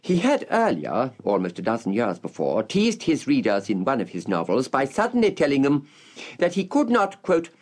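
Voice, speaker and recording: Man narrating with a lively pitch. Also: normal speed. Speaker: audiobook narrator. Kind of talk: scripted narration of a literary introduction.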